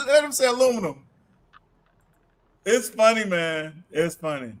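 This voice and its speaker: A middle-aged man co-hosting a casual livestream, telling animated stories from home, laughing often and acting out quotes. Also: high voice, unhurried, pauses often. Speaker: livestream co-host. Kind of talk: casual chat.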